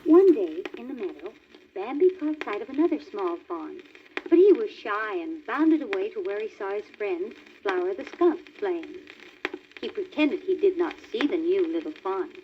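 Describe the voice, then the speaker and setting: A woman reading a children's storybook aloud as the narrator of a read-along record, in a clear, animated manner. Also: mid-range voice, moderate pace. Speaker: story reader. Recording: dull crackly old vinyl record.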